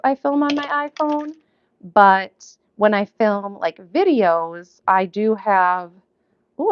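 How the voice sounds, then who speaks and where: Lively, excitable woman on a phone stream. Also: medium pitch, highs cut off, slight background noise. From Minnesota. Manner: gushing, easily excited, chatty with asides. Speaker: livestream host. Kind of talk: casual live-stream chat.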